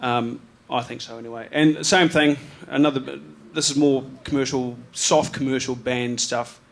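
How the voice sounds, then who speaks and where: A man with a New Zealand accent talks loosely through his photographs before an audience, full of ums and self-corrections. His voice sits at an ordinary middle pitch. A faint murmur of room ambience runs underneath. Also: steady tone, normal speed, gravelly, a little hiss or hum. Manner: rambling and laid-back, many ums and restarts, slangy. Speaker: photographer giving a talk about his slides. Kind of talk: casual live presentation. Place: live event venue with an audience.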